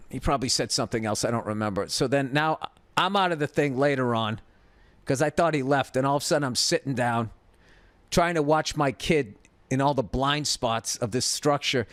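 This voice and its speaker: Speaking at an ordinary pace in a mid-range voice, a middle-aged Boston man hosting a podcast delivers a profane, ranting story. He's animated and performs the quotes of others as he goes, with no room sound on the recording.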